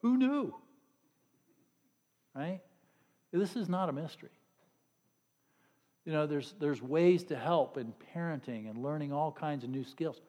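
A man's voice: a little high, moderate pace, pauses often, a little mellow. Middle-aged male preacher, chatty and sarcastic, live in a hall with long echo. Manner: conversational, joking, sarcastic asides to the congregation. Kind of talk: sermon.

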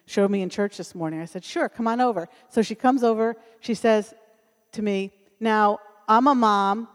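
With a long hall reverb around her, a middle-aged woman preaches at a church service, weaving in her own testimony. She tells it earnestly at a moderate pace, her mid-range voice mellow, and she voices the people she quotes.

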